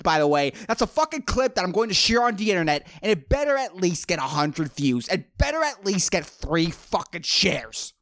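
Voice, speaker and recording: A man's voice: high-pitched, big pitch swings, moderate pace, hardly any pauses, fairly bright tone, no echo, clean studio sound. A tired man hosting a podcast, ranting with lots of swearing in an exasperated, rambling way. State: tired late at night. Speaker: podcast host. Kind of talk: profane comedic rant.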